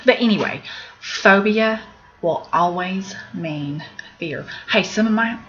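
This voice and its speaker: A woman's voice: mid-range voice, takes it slowly, a bit bright. A middle-aged woman with an Appalachian accent, teaching a casual recorded lesson on medical terms in a candid, chatty way. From Appalachian United States. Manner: candid, chatty, laughs at own jokes. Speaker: medical office instructor. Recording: slightly dull lo-fi recording with faint background noise.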